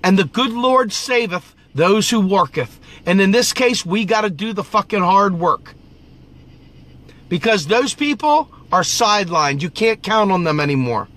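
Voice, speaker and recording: Guy venting hard, sharp bright voice, cusses a lot, keeps repeating himself. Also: high voice. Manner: blunt, profane and preachy, repeats phrases for emphasis. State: coughing at times. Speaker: political video host. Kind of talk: impassioned ranting vent session.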